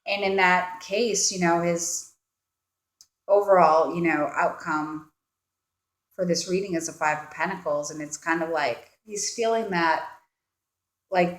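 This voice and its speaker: A woman reads tarot cards in a casual, meandering way, full of "you know" and "like" as she voices what the people in the cards might be thinking. Her voice sits a little low for a woman. The sound is roomy, with a clear echo around her. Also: unhurried, long pauses. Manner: rambling, filler-heavy, acts out quoted thoughts. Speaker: tarot card reader. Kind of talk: casual tarot reading to camera.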